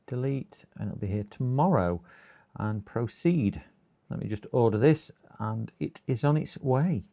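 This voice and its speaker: This is a middle-aged man from the UK on a live repair stream, thinking out loud as he works. His voice is mid-pitched with a gravelly rasp. He chats loosely with viewers and mutters and groans to himself in between. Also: lively intonation, measured pace. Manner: chatty, mutters to himself, answers chat, exasperated outbursts. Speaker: livestreaming repair technician. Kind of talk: casual live-stream chat while working.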